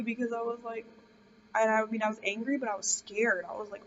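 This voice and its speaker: A woman's voice: medium pitch, little pitch movement, brisk, a bit bright. Rambling young woman telling a scary story. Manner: rambling, heavy use of "like". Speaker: vlogger. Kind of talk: casual storytelling. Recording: dull distant recording with faint hiss.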